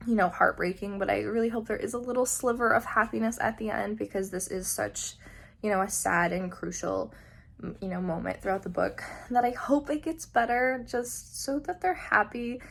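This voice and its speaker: A woman's voice: medium pitch, normal speed, gravelly. A young woman chatting casually in a reading vlog, emotional and gushing, with many fillers. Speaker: book vlogger.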